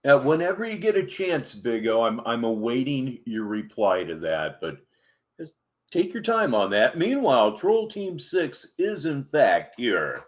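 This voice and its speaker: A man's voice: mid-range voice, very animated, measured pace, soft background music. A man hosting a livestream, commenting with a wry, sarcastic delivery at a desk microphone. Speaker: host.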